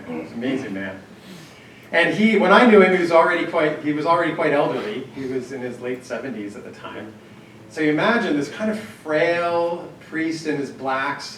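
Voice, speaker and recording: A man with a medium-pitched, somewhat bright voice gives a conversational workshop talk on church planning to a live group, sharing anecdotes and leading an exercise. He uses frequent fillers and restarts. The mic is distant in an echoey hall, with faint ambience and a little hiss or hum.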